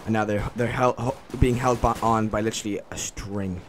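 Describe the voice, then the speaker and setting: A man giving live gameplay commentary, reacting out loud and swearing a lot as he plays. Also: lowish voice, steady tone, brisk, slight background noise. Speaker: gaming channel host. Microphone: desk mic on a stand. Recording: loud gunfire under the voice. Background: shooter game gunfire.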